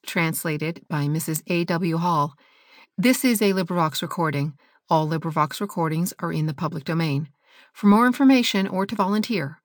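Low-voiced woman reading a fairy tale. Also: dry recording, studio quality. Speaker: audiobook reader.

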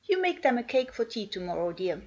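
A woman voicing a bossy older household servant, scolding and brisk. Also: a little high, sing-song, poor audio.

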